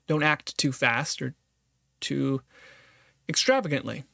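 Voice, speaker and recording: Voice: medium pitch, lively intonation, slow pace, vocal fry, pushed and bright, dry recording, studio quality. A podcast host giving earnest, reflective solo commentary on a philosophy text, thinking aloud and restarting phrases often.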